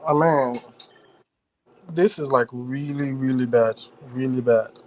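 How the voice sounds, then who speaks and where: A man's voice: mid-range voice, takes it slowly. Dismayed co-host man, noisy line. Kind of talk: casual chat. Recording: noisy recording.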